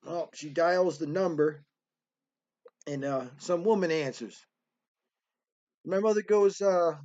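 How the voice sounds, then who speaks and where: A man telling a true story about his mother in an animated storytelling style. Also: high voice, normal speed, long pauses, no echo. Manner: animated, acts out voices in quotes. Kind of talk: spoken personal storytelling. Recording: dry, slightly dull sound.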